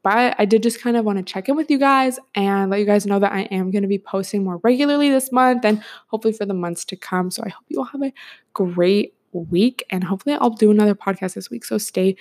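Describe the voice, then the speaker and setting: A woman's voice: mid-range voice, fast talker, a little mellow. A young woman in her twenties hosting a solo podcast, talking casually and rambling with lots of filler words and frequent laughs. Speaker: podcast host.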